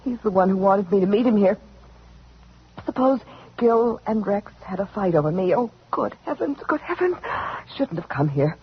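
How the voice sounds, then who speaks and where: An actress playing a frightened heroine in a 1940s radio drama, breathy, anxious and pleading. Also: female voice, medium pitch, slight background noise, close to an everyday voice. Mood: panicked. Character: frightened woman heroine in panic. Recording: dull lo-fi vintage radio recording.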